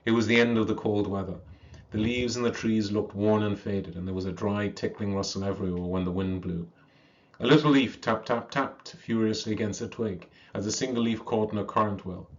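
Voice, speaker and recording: A man reads a classic story aloud in a slow, measured way, chanting its verse passages. His voice sits low, and the recording is dull and lo-fi. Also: fairly even intonation.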